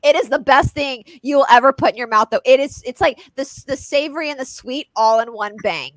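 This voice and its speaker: A Southern American woman with a high voice and a dry, close sound, chatting on a livestream. She tells stories with lots of energy and laughs often. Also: a little fast, dry recording, low-quality recording. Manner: animated, laughing storyteller. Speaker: co-host. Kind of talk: casual livestream chat.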